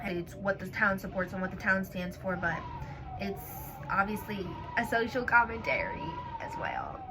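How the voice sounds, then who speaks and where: A woman's voice: mid-range voice, steady tone, normal speed. Chatty young woman outdoors in wind. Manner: chatty, gushing, rambling with many "like"s. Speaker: book vlogger. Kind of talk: casual book review chat. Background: wind noise.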